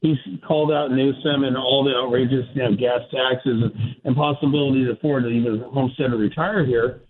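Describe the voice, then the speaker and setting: A man's voice: medium pitch, steady tone, a little fast. A man calling into a radio show, giving a heated, rambling opinion. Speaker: caller. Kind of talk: call-in opinion. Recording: phone line.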